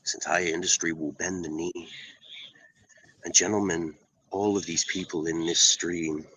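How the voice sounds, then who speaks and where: A man's voice: sits low, steady tone, unhurried, breathy edge, no echo, rough recording. Intense boastful man cutting a promo. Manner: intense, boastful, swearing, building to shouts. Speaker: pro wrestler guest. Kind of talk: in-character wrestling promo.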